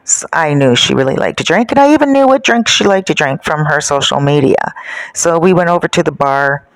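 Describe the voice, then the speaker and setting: A woman narrating a dark first-person story in a casual, gossipy, self-satisfied way. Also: deep voice, lively intonation, fairly quick, no room sound, poor audio.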